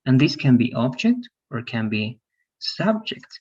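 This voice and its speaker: A man teaches English grammar in an online class. He explains patiently, goes over points again, and keeps asking whether his students follow. His voice is slightly husky, and the call audio sounds a bit muffled. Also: medium pitch, big pitch swings, a little slow, a little mellow. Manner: patient, repetitive explaining with frequent "all right?" checks.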